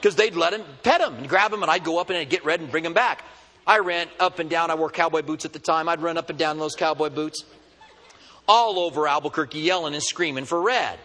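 A man preaching a sermon, telling a funny story with animated delivery. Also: on the high side, fairly quick, long reverb tail. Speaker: pastor. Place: church.

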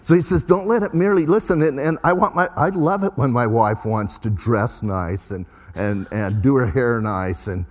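A man's voice: mid-range voice, moderate pace, few pauses, big-room sound. A middle-aged man preaching a sermon as pastor, in a folksy, conversational way with emphatic rises.

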